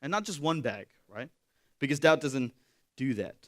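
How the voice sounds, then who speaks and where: A man's voice: mid-range voice, lively intonation, normal speed. A young man preaching a sermon, telling a story in a loose, conversational way with fillers and repeats.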